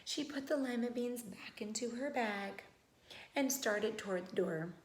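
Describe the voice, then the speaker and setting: A woman's voice: fairly high pitch, unhurried, echoey room. A woman who teaches first grade, reading a picture book aloud expressively and stopping to explain words to children.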